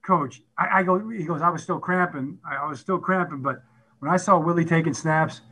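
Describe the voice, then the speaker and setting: Brief: middle-aged man, football coach, lively storyteller who plays out quotes; higher pitch, bright edge. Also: a little fast, husky, rough recording. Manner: animated storyteller who acts out quotes and laughs often. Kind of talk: storytelling at a conference talk.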